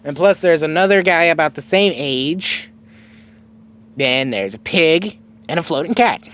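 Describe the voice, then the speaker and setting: A man's voice: on the high side, expressive, measured pace, fairly bright tone, voice pushed up. A man voicing a cheerful, laid-back young male martial artist with a casual, upbeat manner. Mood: breezy.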